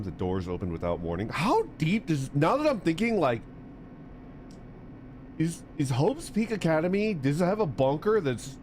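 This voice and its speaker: A man's voice: medium pitch, a little mellow, a little hiss or hum. A man streaming a game, joking, laughing, and reading dialogue aloud with game music in the background. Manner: goofy, laughing, jumps between silly voices and reading.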